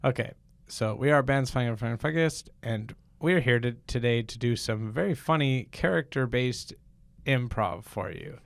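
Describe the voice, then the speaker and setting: A man's voice: mid-range voice, a little slow, gravelly, hardly any pauses, no echo. A man co-hosting a casual improv comedy podcast, rambling and joking at his own expense. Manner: rambling, self-deprecating joking. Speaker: podcast co-host.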